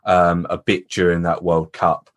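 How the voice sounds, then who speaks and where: A man's voice: deep voice, flat delivery, unhurried. A man hosting a podcast interview, chiming in with short encouraging remarks and questions. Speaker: podcast host. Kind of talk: casual interview chat.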